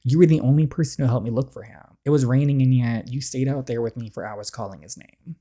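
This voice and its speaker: A reader voicing a heartbroken teenage girl confessing love, in a soft, hesitant, pleading way, reading a story game aloud. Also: mid-range voice, quick pace, lightly acted.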